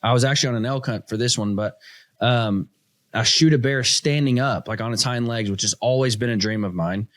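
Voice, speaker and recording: A man in his thirties hosting a casual chat, telling hunting stories with lively, slangy energy. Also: medium pitch, fairly quick, no room sound. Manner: animated storyteller, says "dude" and "stinking". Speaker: podcast host.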